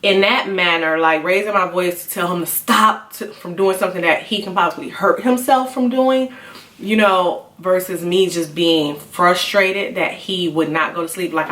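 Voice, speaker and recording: A woman's voice: fairly low pitch, a bit bright. A young woman, a mother telling a candid personal story on her vlog in a conversational, confessional way. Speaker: mom vlogger. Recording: roomy, a bit far from the mic.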